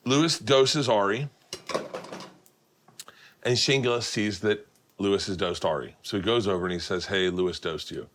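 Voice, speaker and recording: A middle-aged man hosting a casual chat, telling stories and acting out quotes in a high excited voice. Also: unhurried, pauses often, noisy background. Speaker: host. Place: home kitchen.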